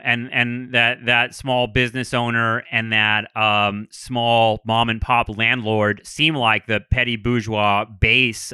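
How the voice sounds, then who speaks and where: Male podcast host, chatty and halting; bright, crisp timbre. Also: fairly low pitch, no echo, studio quality. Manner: animated storytelling, frequent restarts and "like"s. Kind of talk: casual podcast conversation.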